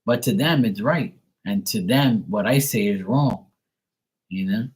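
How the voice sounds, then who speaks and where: A man's voice: fairly low pitch, measured pace, darkish tone. A man chatting casually on a live stream, loose and profane, often laughing as he talks. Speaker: live tarot reader and streamer.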